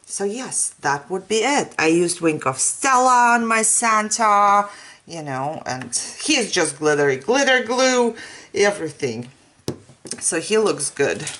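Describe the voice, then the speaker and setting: Slow-talking crafting woman, non-native English. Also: on the low side, a bit bright. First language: not English. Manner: chatty and self-deprecating, laughs often. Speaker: craft channel host. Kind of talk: casual crafting tutorial chat.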